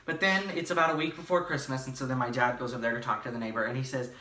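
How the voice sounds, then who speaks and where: A young man telling a casual storytime vlog from his bedroom, rambling and animated, full of fillers and restarts. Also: mid-range voice, fast talker. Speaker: vlogger. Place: his bedroom, in front of a green screen. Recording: echoey room, slightly far from mic.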